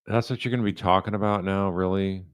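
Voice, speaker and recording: A man's voice: deep voice, steady tone, quick pace, clear, resonant tone. A man, an attorney, giving sarcastic commentary on a video with incredulous asides.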